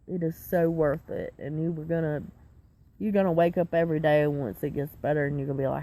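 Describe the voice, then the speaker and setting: A woman's voice: deep voice, steady tone, moderate pace, long pauses, dark tone. A woman, talking emotionally to a support group in a live video, swearing often and laughing through tears. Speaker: benzo withdrawal group member.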